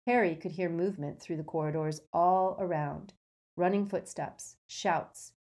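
A woman narrating a storybook in a steady, measured way. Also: fairly low pitch.

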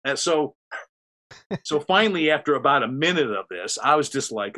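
A man's voice: mid-range voice, a little fast. A man telling a long, rambling anecdote in casual chat, acting out what people said. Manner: rambling, animated, acts out quotes. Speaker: storyteller guest.

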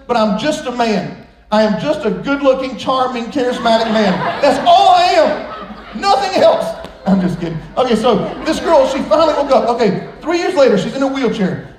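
Male pastor preaching, high bright-toned voice, joking between earnest points, big echoing church hall. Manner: playful, joking asides between earnest exhortations. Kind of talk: sermon. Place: large church sanctuary.

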